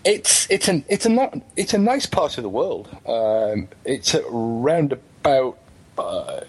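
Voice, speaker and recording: A man's voice: mid-range voice, big pitch swings, slow, darkish tone, husky, rough recording. A man with an English accent co-hosting a talk show, explaining things hesitantly with many ums. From England. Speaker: co-host. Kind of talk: casual chat.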